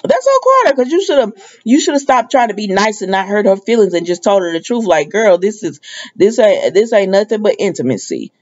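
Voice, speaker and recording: A woman's voice: medium pitch, lively intonation, fairly quick, darkish tone, dull audio. A woman giving a casual, opinionated recap of a soap opera episode, retelling the scenes and quoting the characters' lines as she goes.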